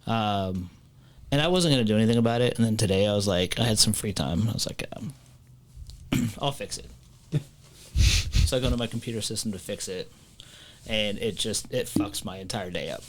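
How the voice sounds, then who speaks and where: A man's voice: lowish voice, moderate pace, long pauses. A man who owns a restaurant, telling stories in casual podcast chat and swearing freely. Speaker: pizza restaurant owner.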